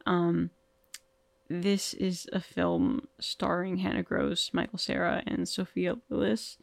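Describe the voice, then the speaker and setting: A woman's voice: lowish voice, level tone, slow, creaky, no echo. A woman hosting a casual film podcast monologue, sounding tired and yawning, rambling along with frequent likes, ums and restarts. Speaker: podcast host.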